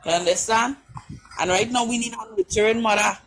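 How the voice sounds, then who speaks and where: A woman's voice: fairly high pitch, a little fast, a bit bright, a little hiss or hum, poor audio. A woman with a Trinidadian accent, speaking as a caller on a live-stream panel. She talks in an impassioned, emphatic way, repeats her points and keeps asking whether you understand.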